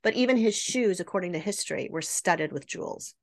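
A woman's voice: on the low side, expressive, brisk. A woman hosting a casual chat and telling a story, peppered with "right?" and "like". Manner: chatty, many fillers like "right?" and "like". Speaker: podcast host.

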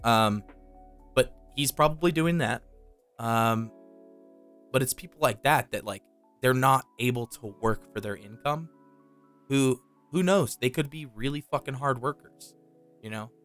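Young podcast co-host, mid-pitched, casual and profane storyteller, faint music behind. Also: male voice, a little slow, pauses often, fairly bright tone. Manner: loose storytelling with frequent profanity. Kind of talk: casual chat.

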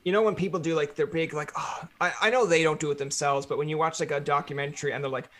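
Animated man chatting on a podcast. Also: a little high, quick pace. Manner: animated, acts out silly quoted voices with laughs. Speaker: podcast host. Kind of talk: casual podcast chat.

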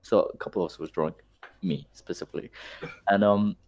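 A man's voice: low-pitched, steady tone, a little fast, darkish tone. A young man in his twenties, a former university student, rambling through a casual story with fillers and some swearing. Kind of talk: casual chat.

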